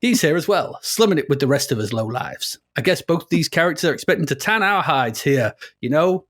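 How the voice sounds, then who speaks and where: A man puts on a gruff American drawl for a washed-up racing driver who brags and sneers at his rivals. The voice sits fairly high. It is read aloud like a storybook narration. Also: a bit bright. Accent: put-on American. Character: boastful washed-up male race driver, gruff and cynical. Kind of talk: reading a story aloud in character.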